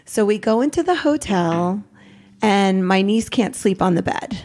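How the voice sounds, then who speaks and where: A middle-aged woman, a podcast guest, telling a raw personal story in a rambling, animated way, acting out what each person said. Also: medium pitch, a little slow. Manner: rambling, animated retelling with quoted dialogue.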